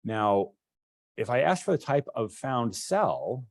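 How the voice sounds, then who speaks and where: A man's voice: mid-range voice, big pitch swings, slow. A male instructor giving a classroom lecture, explaining step by step while demonstrating code and thinking aloud.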